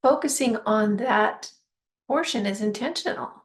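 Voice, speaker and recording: Woman podcast host with a slightly high voice who asks probing questions in conversation. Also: lively intonation, a little slow. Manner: probing questions, brief affirmations. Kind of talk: interview conversation.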